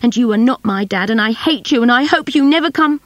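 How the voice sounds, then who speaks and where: A woman's voice: on the low side, steady tone, a little slow, no echo. A woman reading a furious, sulky girl. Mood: resentful. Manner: hissing, resentful.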